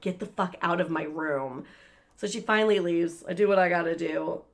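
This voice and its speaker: A woman co-hosts a podcast, her fairly low voice moving at normal speed as she spins a long story in relaxed conversation. Animated and full of swearing, she acts out the voices of the characters she quotes.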